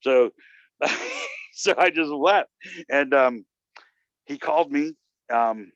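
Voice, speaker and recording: A man with a fairly high, slightly bright voice and lively intonation tells a long personal anecdote slowly in casual conversation. He rambles with plenty of "you know" fillers and acts out what people said. The recording is dull, lo-fi and dry, with no echo.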